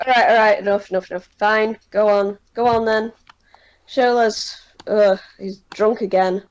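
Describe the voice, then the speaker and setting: A gruff male boss snaps orders impatiently, as a woman running a tabletop game puts him on. He talks loudly and curtly. The sound is dull and lo-fi. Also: medium pitch, fairly even intonation, moderate pace, natural voice. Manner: brusque, impatient.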